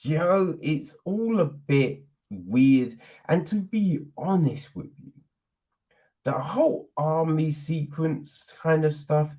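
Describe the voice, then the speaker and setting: Animated man on a slow, lively podcast. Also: on the high side, highs cut off. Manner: animated, laughing, acts out quotes in put-on voices. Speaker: podcast host reviewing a film. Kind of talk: casual spoken film review.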